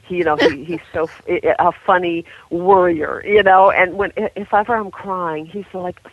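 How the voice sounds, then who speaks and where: A woman's voice: lowish voice, fairly even intonation, moderate pace, dry recording. A woman talking earnestly and emotionally as a guest on a radio interview, rambling and heartfelt. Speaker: phone-in guest, author and animal rescuer. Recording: tinny phone line.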